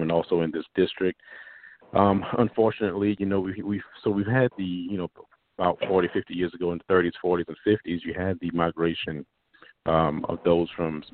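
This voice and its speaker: A man's voice: low-pitched, no echo. A man running for Congress, answering interview questions over the phone, with many fillers and restarts. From South Carolina Low Country. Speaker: congressional candidate. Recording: phone line.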